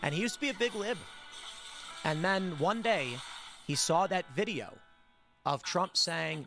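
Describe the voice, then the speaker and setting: Male host, slightly higher voice, loose rambling storyteller who restarts his sentences. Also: very animated, normal speed, music in the background. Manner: rambling, conversational, frequent restarts. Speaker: podcast host. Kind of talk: casual political commentary and storytelling.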